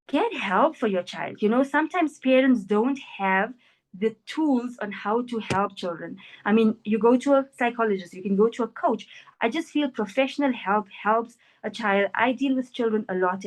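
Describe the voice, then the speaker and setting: A woman's voice: a little high, low-quality recording. A woman, a life coach, earnestly answering interview questions about parenting and acting out what parents and children say. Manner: earnest, animated, acts out quoted parents and children. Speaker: NLP practitioner and life coach.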